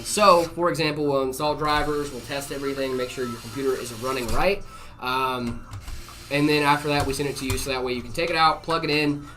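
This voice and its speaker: A man's voice: on the high side, a little hiss or hum. A man hosting a live stream, casually answering viewer questions with lots of "uh" and "um" and easy jokes. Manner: relaxed, full of "uh" and "um" fillers, jokey.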